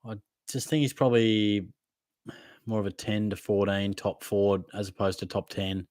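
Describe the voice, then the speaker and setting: A man's voice: on the low side, level tone, normal speed, darkish tone, no room sound, studio quality. A young Australian man hosting a casual live Q&A, reading viewer comments in a laid-back, matey way. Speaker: fantasy football livestream host.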